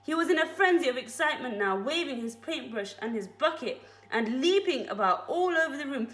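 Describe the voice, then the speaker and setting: Expressive woman teacher reading a storybook. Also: high-pitched, fairly quick. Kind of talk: storybook read-aloud.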